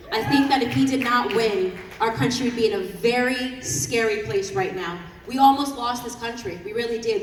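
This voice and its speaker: A woman giving an impassioned political speech at a youth summit, fiery and mocking, building to emphatic peaks. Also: mid-range voice. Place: large conference hall. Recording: echoey hall, heard from a distance, audience noise.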